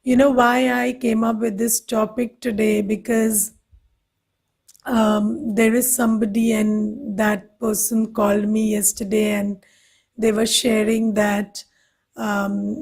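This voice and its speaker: A woman with an Indian English accent giving a gentle, questioning meditation lesson. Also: a little high, level tone, slow, creaky, husky. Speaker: meditation teacher. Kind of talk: spiritual talk to a class.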